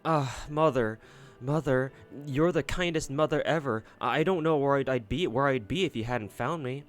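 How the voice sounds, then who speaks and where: A man's voice: medium pitch, moderate pace, faint music behind, voice pushed up, natural voice. A man voicing a spoiled, cruel young fairy princess who is insecure and pleading, reading aloud from a game.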